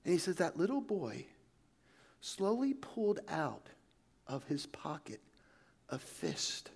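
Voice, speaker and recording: A man preaching a sermon, telling a story in a conversational way that often sinks to a soft hush. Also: on the high side, very animated, slow, vocal fry, long pauses, husky.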